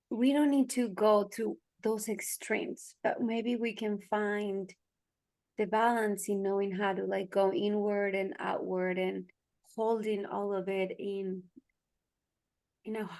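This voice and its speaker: A woman's voice: medium pitch, darkish tone, no room sound. Tentative woman thinking aloud on a call. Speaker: co-host of a mindfulness support group. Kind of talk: reflective conversation on a video call. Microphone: video call.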